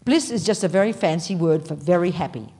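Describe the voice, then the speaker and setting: Emphatic woman Buddhist teacher, fairly low voice. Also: animated, fairly quick, mellow, a little hiss or hum. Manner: emphatic, blunt and playful; pitch leaps up on stressed words. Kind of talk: teaching a class. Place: meditation center classroom.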